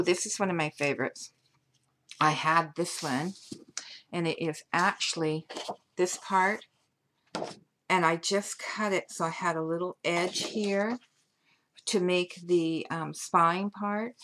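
Hiccuping as she goes, a woman with a lowish, slightly bright voice presents a handmade paper album she designed. The paper crafter is chatty in this show-and-tell tutorial, raving about the materials on each page.

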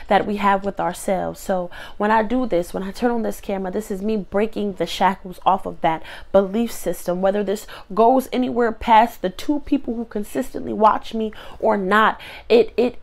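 A woman speaking to her phone camera, near tears, giving a heartfelt faith-based motivational talk with repeated preacher-like builds. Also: medium pitch. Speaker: motivational vlogger.

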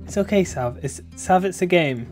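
A woman hosts a co-op gameplay session, chatty and teasing. Her voice sits a little low but moves a lot, over faint game music. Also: lively intonation, normal speed, darkish tone. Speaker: gaming channel host. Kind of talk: casual co-op gameplay chat.

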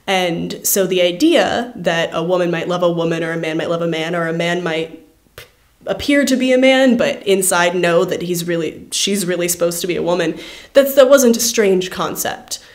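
Soft-spoken young woman, lowish voice. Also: moderate pace. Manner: reflective, many "um" and "like" fillers. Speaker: award honoree. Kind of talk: personal interview.

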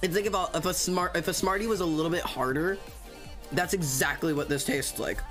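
A streamer in casual livestream chat, talking fast and excitably with frequent stammers and restarts. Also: mid-range voice, soft background music.

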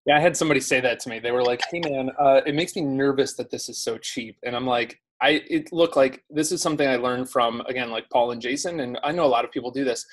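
A man as a podcast guest in a casual conversation, talking in an animated way with lots of "like" fillers. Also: medium pitch, quick pace, hardly any pauses.

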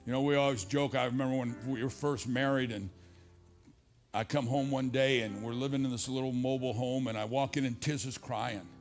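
An older man preaching a sermon to a congregation, rising on repeated lines and dropping low and confiding when he tells a story. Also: steady tone, fairly quick, soft background music. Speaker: pastor. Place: church stage before a congregation.

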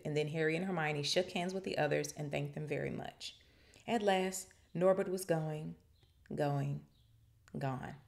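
A woman podcast host reading a novel aloud and breaking off for chatty, animated asides. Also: low-pitched, gravelly. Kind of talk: reading aloud with casual commentary.

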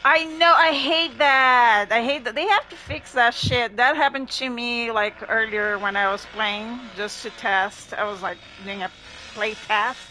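Female streamer, bright tense voice, slow jumpy live commentary, faint game noise behind. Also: on the high side, poor audio. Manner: jumpy, laughing, swearing, talks to herself. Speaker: gamer streaming gameplay.

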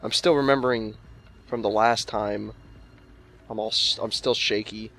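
A man's voice: on the low side, steady tone, unhurried, a bit bright, a little hiss or hum. A man playing a video game and commenting casually, swearing often and snapping back at the game with exasperated outbursts. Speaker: let's play gamer.

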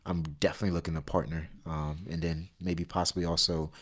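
A man talking as a podcast guest in a relaxed, casual way, with lots of fillers. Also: sits low. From Sierra Leone. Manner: relaxed, filler-heavy, spells things out slowly. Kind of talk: casual interview talk.

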